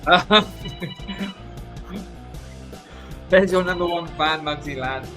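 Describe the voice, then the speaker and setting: A man's voice: on the high side, takes it slowly, over music. An English man in a casual livestream chat, greeting viewers by name and laughing often. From England.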